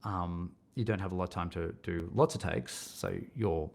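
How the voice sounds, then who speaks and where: A man's voice: low voice, moderate pace. A middle-aged man, speaking as a podcast guest in a thoughtful, rambling way with many restarts. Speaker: casting director and acting coach. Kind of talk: podcast interview.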